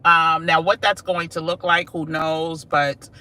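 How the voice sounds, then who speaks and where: A woman's voice: deep voice, level tone, a little slow, bright, forceful tone. A woman hosting a casual live stream from her car, sassy and chatty, talking straight to her viewers. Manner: sassy, chatty, calls viewers "y'all" and "child". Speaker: vlog host. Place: in a car while driving.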